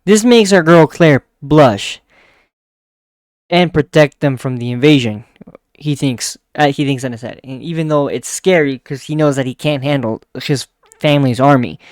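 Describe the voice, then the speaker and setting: A man giving a casual chapter recap of a manga, chuckling often and reading character lines in a softer voice. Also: mid-range voice, moderate pace, no room sound, studio quality. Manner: chuckles often while retelling scenes. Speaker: manga reviewer.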